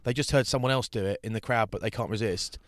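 A man co-hosting a casual chat, telling anecdotes in an animated way and mimicking other people. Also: lowish voice, fast talker, no room sound, clean studio sound. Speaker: podcast co-host.

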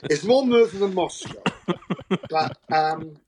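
A man, a guest actor telling lively anecdotes, laughing often and acting out voices. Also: a little high, takes it slowly, noisy background. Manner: animated storyteller, laughs often, acts out voices. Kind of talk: anecdotal chat.

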